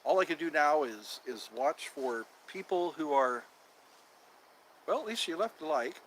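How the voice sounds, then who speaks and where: A man's voice: on the high side, animated, unhurried, slight background noise, poor audio. Rambling man livestreaming outdoors. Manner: rambling, repeats himself, talks to viewers. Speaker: livestream host. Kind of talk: casual livestream chat. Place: outdoors in the cold. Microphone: phone.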